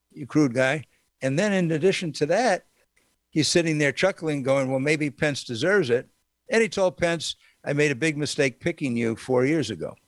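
Indignant talk-show man, dry close sound. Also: no echo. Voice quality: indignant and sarcastic, with sudden high exclamations. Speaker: political talk host. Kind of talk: opinionated political monologue.

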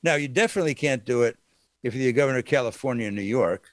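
A man hosting a political talk show, delivering an opinionated monologue in an indignant, sarcastic way with sudden high exclamations. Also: lively intonation, very fast, no room sound, clean studio sound.

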